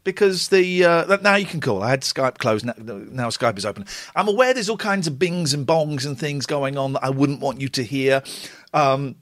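A man in his forties hosts a late-night radio show alone from a cold room at home, chatty, rambling and self-deprecating. His medium-pitched voice is a bit bright, with lively intonation at a normal speed.

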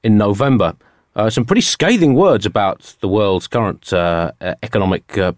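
A man's voice: fairly low pitch, lively intonation, moderate pace, no echo, studio quality. A man co-hosting a satirical comedy podcast, rambling through surreal jokes with frequent hesitations.

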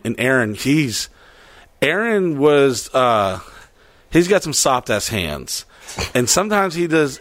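A man's voice: mid-range voice, no echo. A man telling a long story in casual chat, rambling and swearing, acting out what people said. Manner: profane, rambling, animated retelling with quoted voices.

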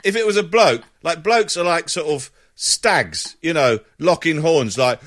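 A man's voice: fairly high pitch, normal speed, dry recording, studio quality. A man, a comedian, telling anecdotes in an interview and acting out voices as he goes. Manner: lively storyteller, acts out voices. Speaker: comedian guest.

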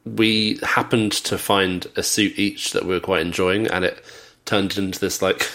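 A man's voice: sits low, steady tone, measured pace, fairly bright tone. A man co-hosting a podcast, chatting casually and rambling through stories with many fillers. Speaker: podcast co-host. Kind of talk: casual chat.

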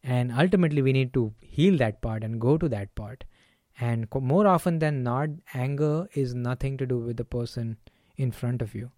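A man hosts a casual solo podcast in a mid-range voice, explaining ideas in a relaxed, thoughtful way. Now and then he jumps into short acted-out lines, louder and higher. The sound is close and dry, with no room echo. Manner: acts out quick example lines in a raised voice. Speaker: podcast host.

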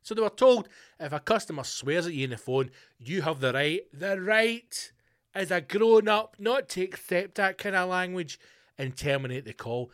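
A Scottish man with a slightly high-pitched voice rants through a podcast monologue. He swears constantly and slips into mocking voices when he quotes people. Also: lively intonation, normal speed, a bit bright. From Scotland. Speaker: podcast host. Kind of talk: casual ranting monologue.

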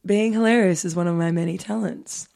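A woman's voice: fairly low pitch, a little mellow. Woman putting on a smarmy, crooning man. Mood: smarmy, flirty. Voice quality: smooth, crooning. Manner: suggestive, slow, overly smooth. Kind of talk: reading text messages aloud in a put-on voice.

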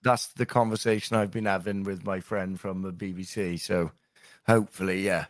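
A male voice actor and impressionist, talking in a lively, self-interrupting way during a casual interview. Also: deep voice, normal speed, no echo, clean studio sound.

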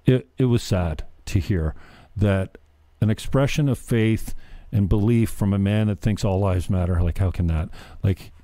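A middle-aged man talks in a low, dark, mellow voice, stumbling and repeating words as he speaks earnestly. The sound is close and dry, with no room around it. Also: unhurried, no room sound. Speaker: podcast host. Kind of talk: casual chat.

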